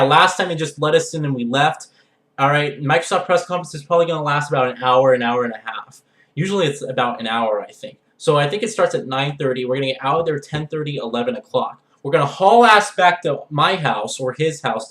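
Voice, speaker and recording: A man's voice: mid-range voice, a bit bright, reverberant. A young man from the Los Angeles area talking casually in a gaming vlog, rambling and often checking in with "all right?". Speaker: gaming vlogger.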